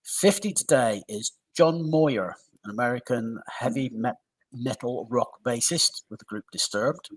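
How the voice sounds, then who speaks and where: A husky man with a middle-pitched voice reads through a music news list on a live stream. He goes from item to item at a steady pace and adds short asides now and then. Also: measured pace, poor audio. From United Kingdom. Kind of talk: reading a list of deaths and birthdays.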